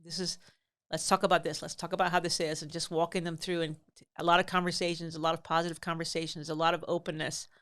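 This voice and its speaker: A woman's voice: deep voice, a bit bright. A middle-aged woman hosting a podcast, giving earnest, emphatic parenting advice in a casual way, with many fillers and restarts. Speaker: podcast host and parenting advisor.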